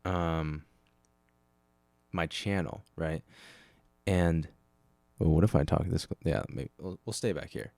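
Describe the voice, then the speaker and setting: A man with a very low voice chats through a solo podcast episode, rambling, restarting sentences and talking half to himself. The sound is close and dry, with no room echo, as he speaks into a desk microphone. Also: slow, creaky, pauses often, a little mellow. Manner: rambling, self-correcting, talks to himself. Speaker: podcast host. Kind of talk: casual solo podcast chat.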